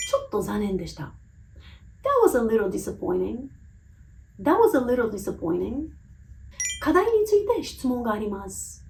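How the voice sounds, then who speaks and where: A woman teacher with a high voice works through a list of phrases. She says each in Japanese, then repeats it twice in English, slowly and clearly, so learners can copy her pronunciation. Her pitch rises and falls in a lively way. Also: slight background noise, rough recording. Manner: slow, careful, clearly pronounced English phrases.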